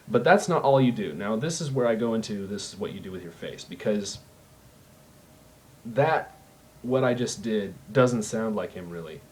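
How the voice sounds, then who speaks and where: Lowish guy rambling thru a how-to, lots of ums, bit of background hiss. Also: a little mellow. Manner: rambling, full of ums and restarts. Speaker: voice impression tutor. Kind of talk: casual how-to tutorial.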